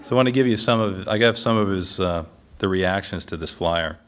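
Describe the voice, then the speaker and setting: Male lecturer, lowish voice, lively anecdotal delivery. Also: brisk, very noisy. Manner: animated storytelling, laughs often. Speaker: design teacher giving a lecture.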